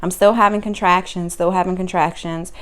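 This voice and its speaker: A young woman, telling her own story to camera in casual vlog style, acting out what people said. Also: brisk. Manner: animated, acts out quotes with sudden high pitch jumps.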